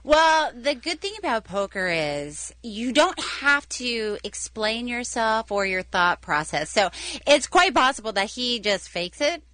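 A woman's voice: on the high side, big pitch swings, a little slow, sharp tone, no echo. A woman guesting on a radio show, chatting casually and laughing often in a playful way. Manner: giggly, playful. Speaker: guest actress.

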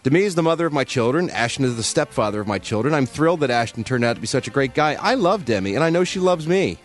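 A man's voice: mid-range voice, animated, fast. A man hosting a radio show, reading entertainment news in wry, joking casual banter with frequent laughs.

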